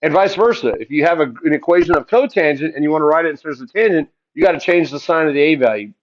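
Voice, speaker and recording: A man teaching a math lesson, asking the class questions and answering them himself in a relaxed, chatty way. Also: on the high side, fast, lo-fi sound. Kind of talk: classroom lecture.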